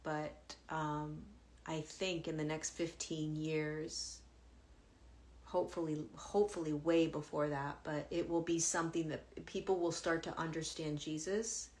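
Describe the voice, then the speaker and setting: A woman spiritual teacher talking to viewers in a casual livestream, gentle and musing. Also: low voice, flat delivery, measured pace. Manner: gentle, musing, soft-spoken.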